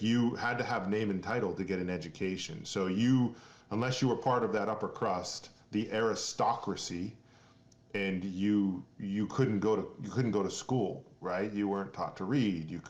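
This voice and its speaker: Earnest, low-voiced man from Maine. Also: roomy sound, muffled recording. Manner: earnest, rambling, many restarts. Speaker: guest, company founder. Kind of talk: casual podcast interview.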